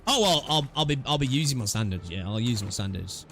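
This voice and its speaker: Chatty game streamer. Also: male voice, mid-range voice, expressive, fast talker, fairly bright tone, slight background noise. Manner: chatty, swearing, talks to chat. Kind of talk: casual live gaming commentary. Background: faint game music.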